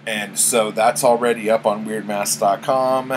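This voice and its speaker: A man recaps a book in a loose, rambling way, swearing often and leaning on fillers. His voice is fairly low and his pace slow and unhurried. An air conditioner hums steadily in the room. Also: steady tone, background noise. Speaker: book vlogger. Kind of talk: casual spoken book recap.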